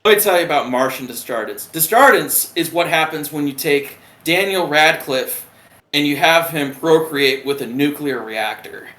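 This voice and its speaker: A man, a retired submariner, telling a story in a casual, profane and animated way. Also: a little high, normal speed. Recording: roomy echo.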